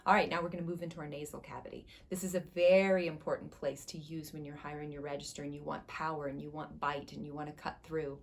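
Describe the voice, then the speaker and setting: A woman's voice: low-pitched, little pitch movement, fast, gravelly, hardly any pauses, slight background noise. A woman voice teacher giving an instructional singing lesson, guiding step by step with encouragement.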